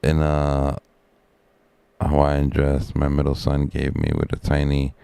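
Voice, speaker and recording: A middle-aged man rambling through a profane story on a casual live stream, with lots of fillers and a sharply higher voice when he quotes other people. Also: monotone, takes it slowly, gravelly, warm tone, smooth, no room sound. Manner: raises pitch sharply when quoting others.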